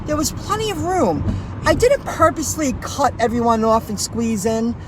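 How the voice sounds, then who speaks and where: A woman's voice: a little high, big pitch swings, moderate pace, soft background music, poor audio. A woman who drives for food delivery, telling a rambling story on a casual livestream, repeating herself and restarting sentences.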